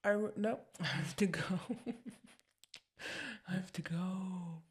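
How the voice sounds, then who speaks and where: Voice actress as young girlfriend in ASMR role-play, low husky tone, giggly, rambly, self-mocking. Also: steady tone, slow pace. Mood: chatty. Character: apologetic, chatty young girlfriend.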